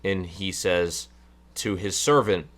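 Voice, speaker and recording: A man's voice: low-pitched, slow pace, a bit bright. A man co-hosting a casual film review chat, talking with hesitant, stammering restarts. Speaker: podcast co-host.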